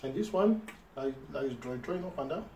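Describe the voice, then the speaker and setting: A man's voice: medium pitch, animated, fast talker, a little mellow, a little hiss or hum. A man co-hosts an eating-show vlog, playing along as a visitor in a joking skit. He is mock-earnest and laughs often. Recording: roomy sound from a distant mic.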